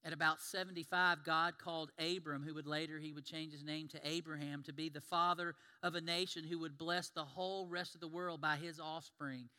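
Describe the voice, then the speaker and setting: A man delivers a sermon, retelling Bible stories and voicing the people in them. His voice is bright and smooth, sitting a little high. It carries with the long reverb of a large hall. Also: a little fast, hardly any pauses. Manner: animated storytelling, acts out quoted biblical voices. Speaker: pastor.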